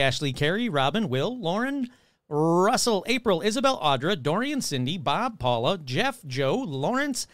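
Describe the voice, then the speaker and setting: A man's voice: fairly high pitch, sing-song, normal speed, a bit bright, dry recording. A man hosting a podcast, talking casually and jokily as he rattles off long lists of listener names. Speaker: podcast host.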